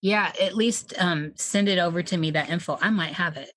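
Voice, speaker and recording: A woman hosting a casual chat, putting short questions and quick reactions to her guest. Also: on the low side, fairly bright tone.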